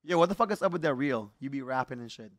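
A man's voice: medium pitch, lively intonation, fast talker, no room sound, studio quality. A man from Aruba co-hosting a casual podcast, joking around and mixing English with Papiamento. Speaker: podcast co-host.

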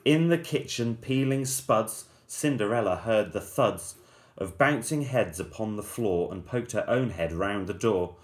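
Slow, playful teacher reading rhymes. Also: male voice, lowish voice, animated. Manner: measured, playful storyteller. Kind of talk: reading a rhyming story aloud to children.

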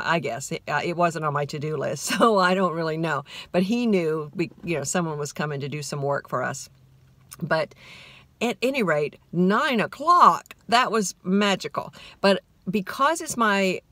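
A woman's voice: lowish voice, fairly bright tone, dry recording. Chatty middle-aged woman, dry close mic. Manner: rambling, chatty, self-deprecating humor. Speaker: podcast host. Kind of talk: casual monologue.

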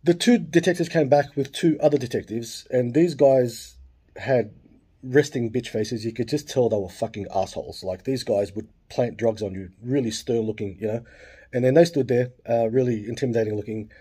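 Dark, husky Australian man telling a story. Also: mid-range voice, normal speed. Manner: swears freely, lots of asides and fillers. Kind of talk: casual storytelling.

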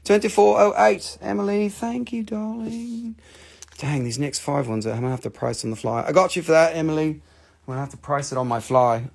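A man's voice: a little high, moderate pace, vocal fry. A man hosting a live crystal sale stream in a casual, joking, rambling way, swearing freely and teasing himself. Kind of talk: casual live selling chat.

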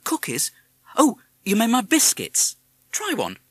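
Man doing a sweet sing-songy mum, way high pitched, eager home cook vibe. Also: huge pitch swings, unhurried, a bit bright, husky, dry recording, exaggerated voice. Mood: warm, eager. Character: kindly middle-aged mother, eager home cook.

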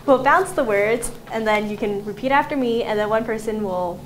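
A woman's voice: fairly high pitch, moderate pace. A teenage girl giving a student presentation to her classmates, taking them through words and asking them to repeat after her. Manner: instructive, leads repeat-after-me drills. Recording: echoey classroom with noise.

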